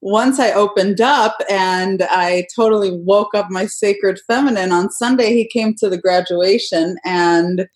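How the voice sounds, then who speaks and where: Young adult woman guest, mid-pitched, telling a personal story earnestly in casual chat. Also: a little slow, few pauses.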